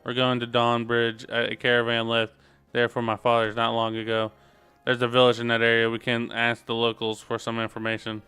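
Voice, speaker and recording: Pria membacakan ayah bangsawan yang tulus menenangkan. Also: male voice, medium pitch, completely flat delivery, fairly quick, bright, forceful tone, smooth, soft background music, lightly acted. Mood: earnest. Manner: earnest, reassuring. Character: noble father, earnest and reassuring. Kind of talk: reading game dialogue aloud.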